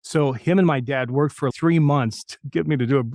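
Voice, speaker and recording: A man's voice: medium pitch, brisk, darkish tone, no echo, studio quality. An older man from New Mexico, a voice actor telling career stories in an interview, anecdotal and self-deprecating. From New Mexico, United States. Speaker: voice actor guest. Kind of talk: storytelling interview.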